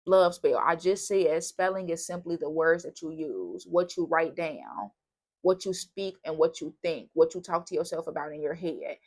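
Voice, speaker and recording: A woman's voice: low voice, normal speed, a little mellow. A woman giving a casual tarot reading, chatty and bubbly, wandering off on tangents. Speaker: tarot reader.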